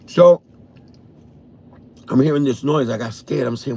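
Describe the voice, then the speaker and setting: A man with a New York accent, a vlogger telling a profane, animated story from his car on a morning drive. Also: medium pitch, normal speed, gravelly, husky. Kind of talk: casual storytelling.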